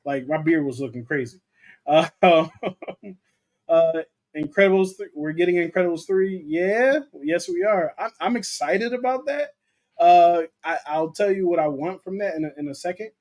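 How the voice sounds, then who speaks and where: Young guy w slightly high voice, loose chatty livestream talk, reading out comments. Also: normal speed, a little mellow. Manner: loose and chatty, reads comments aloud, lots of fillers. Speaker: co-host of a movie talk livestream. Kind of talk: casual livestream chat, reading viewer comments.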